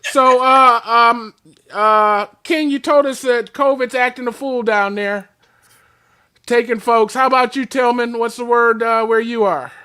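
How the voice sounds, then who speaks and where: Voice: medium pitch, clear, resonant tone. A radio talk show host who chats casually, laughs often and steers the conversation. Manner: slow, lively and laughing.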